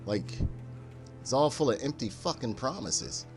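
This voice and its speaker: A man streaming a game, joking and cursing in an animated, storytelling way. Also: medium pitch, unhurried, over music. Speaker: gaming streamer. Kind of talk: casual let's-play commentary.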